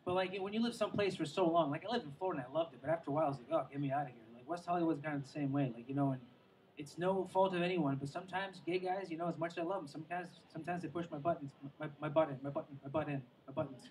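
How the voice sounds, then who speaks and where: High-voiced rambling stand-up comic outdoors. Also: male voice, very fast, a little mellow, far from the mic, a little hiss or hum, rough recording. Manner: rambling, self-mocking, trails off with asides. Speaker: stand-up comedian. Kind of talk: stand-up comedy set. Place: outdoor show near the water.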